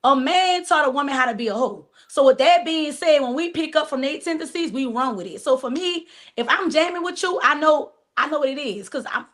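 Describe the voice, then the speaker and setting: Woman, 40s, podcast cohost, higher register; salty, no-nonsense, talks straight to the audience. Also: lively intonation, fairly quick, hardly any pauses, fairly bright tone. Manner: blunt, profane, storytelling with acted-out quotes. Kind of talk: casual chat. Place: live stream podcast.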